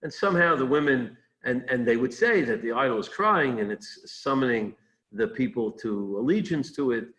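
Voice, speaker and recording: Rabbi thinking aloud through a text. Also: male voice, mid-range voice, lively intonation, normal speed, a bit bright, poor audio. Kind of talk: informal Torah talk.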